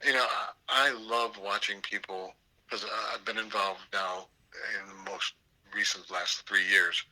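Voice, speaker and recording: An older man, a theater professor, telling anecdotes in an interview with an animated, storytelling manner. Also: fairly low pitch, a little slow, low-quality recording. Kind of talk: storytelling interview over a call.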